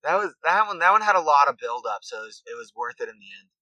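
A man's voice: on the high side, very animated, fast talker, bright, forceful tone, no echo, lo-fi sound. A man casually reminiscing about pranks aboard a ship. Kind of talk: casual chat.

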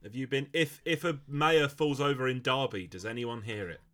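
A young man, co-hosting a casual comedy chat with dry, deadpan quips. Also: mid-range voice, normal speed. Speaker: podcast co-host.

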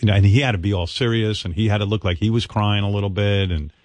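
A man's voice: on the low side, fast talker, dry recording. Older guy radio host, crude and blunt, dry close sound. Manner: blunt, crude, animated storytelling with quoted voices. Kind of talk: casual radio banter.

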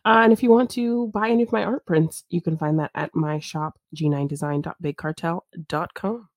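Lowish-voiced woman podcast co-host. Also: normal speed, dry recording. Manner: chatty, self-deprecating. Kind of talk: casual podcast outro chat.

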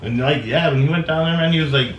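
A man's voice: a little high, fast talker, highs cut off. A young man from Canada telling casual, rambling stories, full of swearing, laughter and fillers like "like" and "man". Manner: laid-back, swearing, lots of "like" and "man", laughs often. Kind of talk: casual storytelling chat. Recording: echoey room, mic at a distance, noisy.

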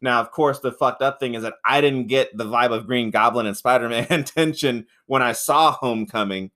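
A man co-hosting a podcast, reviewing a film in casual, profane, rambling chat, laughing often and acting out characters in high voices. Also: normal speed, pushed and bright. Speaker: podcast co-host.

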